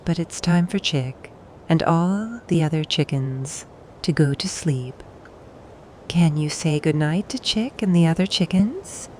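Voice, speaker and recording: A woman with a low, mellow voice tells a gentle bedtime story for toddlers at an unhurried pace. She speaks softly and soothingly, pausing now and then for the little listener to reply. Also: expressive, a little hiss or hum. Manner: soft and soothing, pausing for the child to answer.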